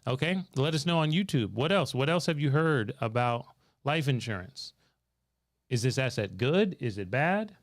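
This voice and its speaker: Hosting a financial Q&A livestream from a studio, a man tells a story, quizzes his co-host, and reads out comments from the chat. His voice is mid-range, with lively intonation and a moderate pace.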